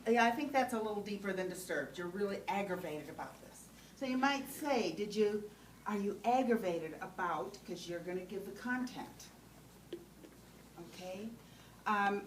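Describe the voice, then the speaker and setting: Woman teaching a class, heard from across a room. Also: mid-range voice. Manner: talks with frequent "okay?" checks, asks the class questions. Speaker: trainer. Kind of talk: teaching a class on compassionate listening. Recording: roomy sound from a distant mic with faint background noise.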